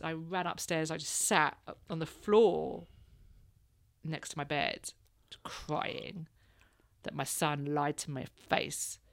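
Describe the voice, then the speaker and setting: A woman's voice: low voice, steady tone, slow pace, vocal fry, dry recording, clean studio sound. A woman in her thirties, hosting a casual chat and telling candid stories, laughing now and then. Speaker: podcast host, mother.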